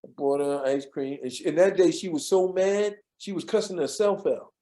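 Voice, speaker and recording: An interview guest with a fairly high-pitched voice at normal speed, telling easygoing stories from a past workplace. He's lively in the telling, imitating the voices of those he quotes, chuckling frequently and repeating words as he recalls.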